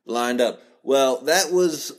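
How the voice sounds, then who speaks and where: Dude hosting his podcast, laid-back, stammers a bit, mid-pitched voice, laughs thru his stories. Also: slow pace. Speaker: podcast host. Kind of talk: casual podcast chat.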